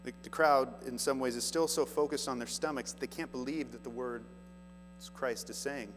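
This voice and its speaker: A pastor preaches a sermon, reading scripture aloud with earnest emphasis that rises as he goes. His voice is mid-range and steady, at a moderate pace. The recording has a long hall reverb, with faint music and mains hum underneath.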